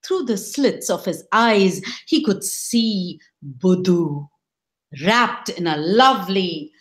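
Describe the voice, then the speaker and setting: A woman telling a folktale in an expressive, dramatic manner. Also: mid-range voice, takes it slowly. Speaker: storyteller. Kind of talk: oral storytelling.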